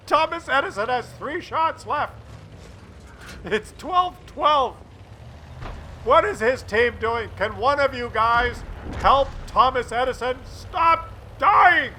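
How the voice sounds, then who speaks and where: A man commentating a tank game replay, animated and loud at big moments. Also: very high voice, slow pace, a little hiss or hum. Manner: animated, shouts and laughs at big shots. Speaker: gameplay commentator.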